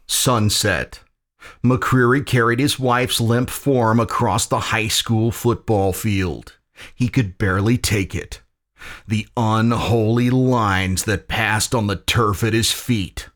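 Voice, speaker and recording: A man narrating a pulp audio story in a dramatic, deliberate reading. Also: medium pitch, a bit bright.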